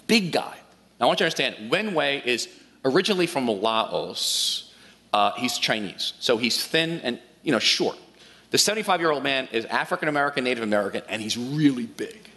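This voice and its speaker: A man preaching a sermon to his congregation, pitched in the middle range. He tells the story in an animated way and often restarts his sentences. The long reverb of a large church hall rings behind him. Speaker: pastor.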